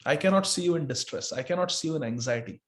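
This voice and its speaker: Man voicing a gentle, reverent sage, quiet and respectful. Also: on the high side, expressive, fast, lightly acted. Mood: pleading. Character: humble devoted male sage.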